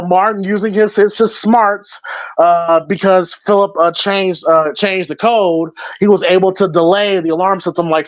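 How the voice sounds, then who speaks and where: Casual movie review host, lively, keeps laughing and acting out lines, muffled dry audio. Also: medium pitch, dry recording. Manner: animated, laughs often and acts out film lines. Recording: dull, dry lo-fi sound.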